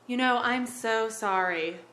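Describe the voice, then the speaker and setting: A woman's voice: a little high, a little slow, bright, forceful tone. A woman playing an indignant, drunk actress who protests her arrest. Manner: huffy, outraged protests.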